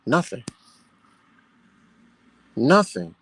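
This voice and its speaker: A man's voice: medium pitch, sing-song, extremely slow, a bit bright, husky. A man ranting heatedly and profanely on his livestream, repeating himself as he vents. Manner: agitated, profane, repetitive ranting.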